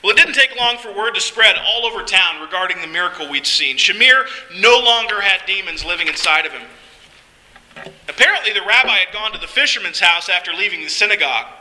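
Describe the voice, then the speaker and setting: A man's voice: high-pitched, animated, a little fast, pushed and bright, rough recording. A man narrating a first-person story in an earnest, dramatic storytelling manner.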